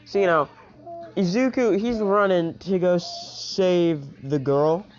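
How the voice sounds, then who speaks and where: A woman's voice: lowish voice, slow pace, a little mellow, soft background music. A woman casually retelling a fan story, rambling with lots of filler asides. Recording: dull lo-fi home recording.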